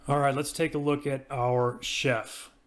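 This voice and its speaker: A man casually talking through each click as he walks through a software demo. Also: medium pitch, little pitch movement, a little slow. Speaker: software reviewer. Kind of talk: screen-recorded software walkthrough.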